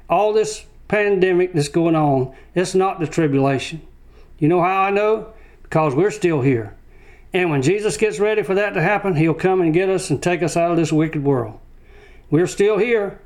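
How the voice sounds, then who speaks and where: A man's voice: sits high, moderate pace, darkish tone. A man delivers a sermon. He hammers each point with short, repeated phrases. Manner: emphatic repetition of short phrases. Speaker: preacher.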